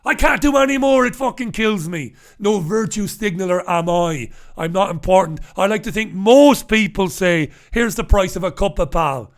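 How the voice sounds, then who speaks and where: A man delivering heated solo commentary on the news, ranting and swearing, often breaking into shouts. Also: sits high, normal speed, few pauses. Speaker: commentator reviewing newspapers.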